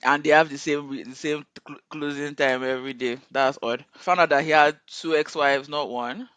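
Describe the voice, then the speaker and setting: A man tells a story in a relaxed, chatty recap. He often slips into quoted voices and keeps a lively, amused tone. The recording is close and dry. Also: on the high side, moderate pace, clear, resonant tone, dry recording. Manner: animated retelling with frequent laughter and quoted voices. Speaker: co-host reviewing a viral video series.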